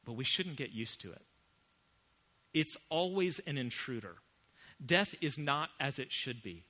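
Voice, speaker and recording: Bright-voiced man preaching. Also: medium pitch, lively intonation, a little slow. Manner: emphatic preaching with wide swings from hushed to loud. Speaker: pastor. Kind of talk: sermon.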